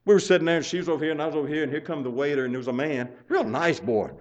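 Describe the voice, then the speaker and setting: An older man preaching a folksy sermon, telling stories and building up to loud urging. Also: a little high, very fast. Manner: storytelling, chuckling, rising to loud exhortation. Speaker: pastor. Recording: muffled lo-fi sound.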